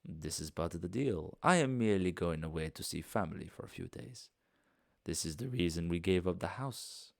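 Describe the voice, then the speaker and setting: Man putting on polite foreign manor host, deep, hesitant, gracious. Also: animated, vocal fry, no room sound, studio quality. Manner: courteous, halting, searching for words.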